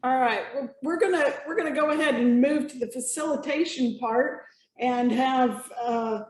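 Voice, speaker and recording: Woman meeting host, high voice, unhurried delivery, echoey room. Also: a little mellow. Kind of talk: online club meeting.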